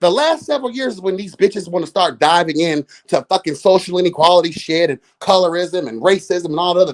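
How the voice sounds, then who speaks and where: A man in his late thirties hosts a live review of a reality show. He rants in a sassy, profane, exasperated way. His pitch swoops up and down all the time. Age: 30s. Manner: addresses listeners as girl and y'all.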